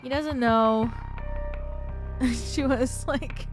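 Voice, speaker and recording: A woman's voice: mid-range voice, unhurried, music in the background. A woman streamer chatting casually with viewers, giggly and rambling with lots of fillers.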